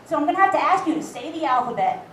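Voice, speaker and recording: Woman playing a stiff formal cop, high and bookish, echoey and far off. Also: sing-song, very fast, fairly bright tone, slight background noise. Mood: stern. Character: stern male cop addressing a drunk woman.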